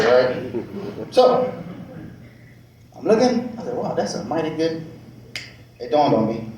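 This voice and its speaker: A man doing stand-up comedy, telling profane stories about family life and checking in with the crowd. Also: high voice. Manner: animated, profane storytelling with crowd check-ins. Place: comedy club stage. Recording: echoey live club, distant mic, crowd audible.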